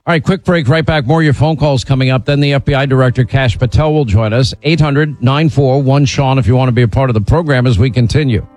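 A man's voice: medium pitch, quick pace, few pauses, poor audio. A man hosting a call-in radio talk show, blunt and opinionated in a conversational way. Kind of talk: talk radio, taking calls.

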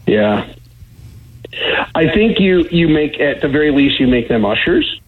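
A man's voice: fairly high pitch, big pitch swings, measured pace, breathy edge, phone-quality sound. A man co-hosting a radio talk show, chatting casually and hesitantly with lots of fillers and restarts. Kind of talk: casual banter.

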